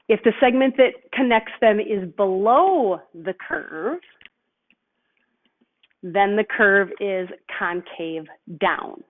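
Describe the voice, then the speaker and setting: Woman teaching math over tinny audio. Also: mid-range voice. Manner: patient step-by-step explaining, slows on key terms. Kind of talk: recorded video lesson.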